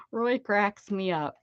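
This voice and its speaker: A woman's voice: medium pitch, no echo, muffled recording. A woman with an American accent hosting a casual craft livestream, rambling and greeting viewers from the chat with sing-song repeats. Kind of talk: casual chat with live chat readers.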